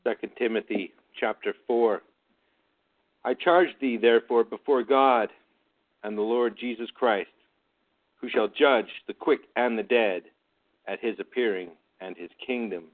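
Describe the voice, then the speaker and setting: A man reads scripture aloud during a sermon, declaiming each phrase with force. His pitch is in an ordinary middle range. The recording is narrow and phone-like. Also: a little slow. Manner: loud, declaiming reading. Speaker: scripture reader.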